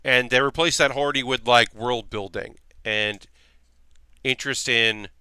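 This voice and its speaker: A man's voice: medium pitch, fairly even intonation, measured pace, sharp tone, smooth, dry recording. A man hosting a livestream, chatting loosely and profanely and answering comments from chat as he talks. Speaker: livestream host.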